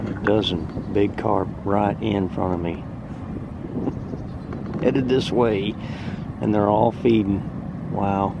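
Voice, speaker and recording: A man fly fishing on a river, chatting to the camera and exclaiming excitedly over the fish he sees and catches. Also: fairly low pitch, takes it slowly, creaky, pauses often, highs cut off, heavy background noise. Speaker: fishing vlogger. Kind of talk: casual outdoor narration while fly fishing. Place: on a river outdoors.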